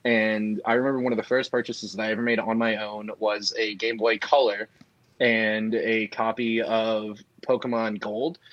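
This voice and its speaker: Animated young man, dry close sound. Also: fairly low pitch, moderate pace, no echo, highs cut off. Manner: animated, jumps in and interrupts. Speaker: podcast co-host. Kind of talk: casual chat.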